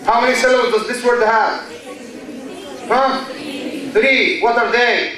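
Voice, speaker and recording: Recorded with a distant mic in an echoey lecture hall, this Egyptian man lectures university students amid crowd noise. He speaks slowly in a high voice with fairly even intonation, repeating words and peppering the class with questions.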